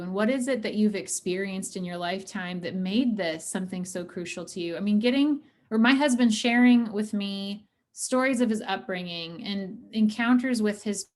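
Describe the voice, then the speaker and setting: A woman therapist giving a casual talk to an audience, chatty and earnest, with many fillers and frequent "right?" checks. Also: mid-range voice.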